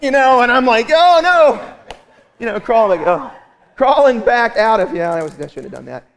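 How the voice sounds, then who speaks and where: A man in his thirties preaching a sermon as pastor, telling a family story with lively, animated asides. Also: high voice, brisk, creaky. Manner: animated storytelling, acts out his own exasperation.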